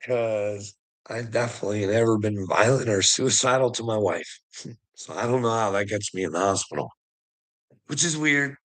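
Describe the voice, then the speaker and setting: A man's voice: lowish voice, moderate pace, fairly bright tone. A middle-aged man telling a heated, profane story in a casual vlog rant, laughing often between lines. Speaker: vlogger.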